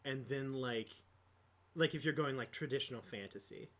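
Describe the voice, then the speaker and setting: A man's voice: mid-range voice, normal speed, fairly bright tone. Rambling man with lots of fillers. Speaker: podcast co-host. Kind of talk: casual chat.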